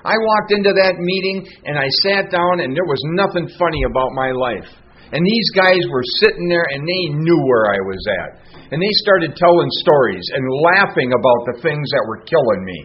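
A man's voice: fairly high pitch, lively intonation, normal speed. A middle-aged man leading a recovery workshop, telling his own story in an earnest, plainspoken way. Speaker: workshop leader. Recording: muffled recording with faint hiss.

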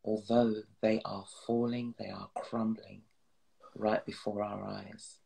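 A man leading a slow, solemn guided prayer and meditation, soothing and at times dropping to a whisper. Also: on the low side, little pitch movement, gravelly, warm tone, husky, low-quality recording. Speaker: spiritual guide.

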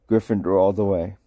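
A man with a sore throat and a husky voice, joking around with viewers in a casual livestream. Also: fairly low pitch, warm tone, no echo. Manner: joking, playful banter with viewers. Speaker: livestream host.

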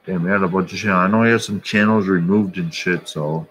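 A man's voice: low voice, fairly even intonation, a bit bright, slight background noise, rough recording. A man vlogger talking casually and bluntly about soccer and other channels, swearing offhandedly. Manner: slow, offhand, blunt and profane. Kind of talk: casual chat.

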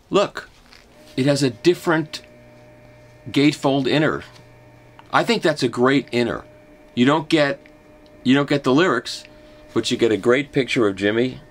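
An older man reviewing records, talking casually and enthusiastically through an unboxing, rambling with restarts. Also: lowish voice.

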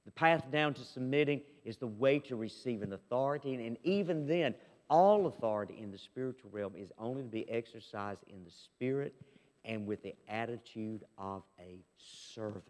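Male pastor, emphatic sermon delivery, medium pitch, long reverb from a church hall. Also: moderate pace. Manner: emphatic, swinging from loud to soft. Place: church sanctuary.

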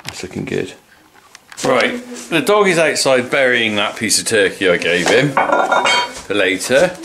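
Bloke running a cooking vlog with his kids, jokey and bossy, voice swinging up and down, loud background noise. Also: lowish voice, sing-song, measured pace. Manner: chatty, jokey, bossing the kids along. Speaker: host. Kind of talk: casual family cooking vlog. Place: home kitchen. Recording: noisy home recording.

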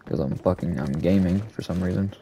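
A fairly low-voiced man commentates on his gameplay, rambling sarcastically and swearing freely. He breaks into sudden yells. Loud game gunfire and shots run under his voice. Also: a little fast, very noisy. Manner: profane, sarcastic rambling with sudden yelled outbursts. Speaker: gaming commentator.

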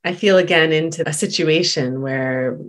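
The host of an interview, asking questions in a gentle, reflective way. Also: medium pitch, normal speed.

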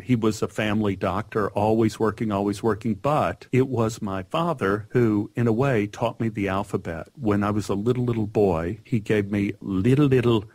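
Animated storytelling man in his fifties. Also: on the low side, dry recording. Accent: Texas with a Pennsylvania tinge. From Dallas, Texas. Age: 50s. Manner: animated storyteller who laughs and repeats words. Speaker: guest actor. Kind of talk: storytelling interview.

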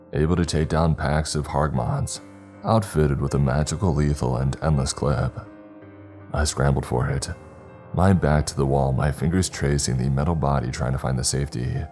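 In this clip, a man with an extremely deep, dark and mellow voice reads a scripted horror story. His delivery is measured and dramatic, and faint music plays quietly beneath him.

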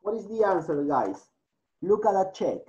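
His voice is high and a little mellow, swinging widely in pitch at a normal speed. A teacher with a Latin American Spanish accent speaking English as a second language, he nudges his class through grammar, echoing their answers and dropping into Spanish, all captured on a dull, lo-fi recording.

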